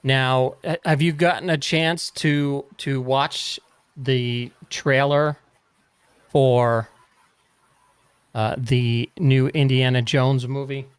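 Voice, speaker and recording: A man co-hosting a podcast in casual chat, joking dryly with halting restarts. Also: medium pitch, fairly even intonation, clear, resonant tone, dry recording. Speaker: podcast co-host.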